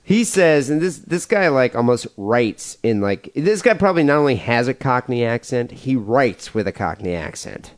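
Animated casual man reading emails. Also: medium pitch, normal speed, few pauses. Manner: animated, laughing, drinking beer. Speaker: podcast co-host reading listener emails.

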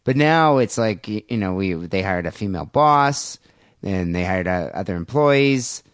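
Low voiced guy hosting a podcast, jokey banter, really lively pitch. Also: moderate pace, no room sound. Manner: joking, animated banter. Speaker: podcast host. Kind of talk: casual comedy podcast chat.

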